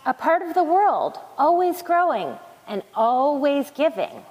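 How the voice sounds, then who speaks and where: A woman murmuring as a gentle willow tree. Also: sits high, very animated, unhurried, pitched above the performer's own voice. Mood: tender. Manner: soft and murmuring. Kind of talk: storybook reading. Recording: long hall reverb.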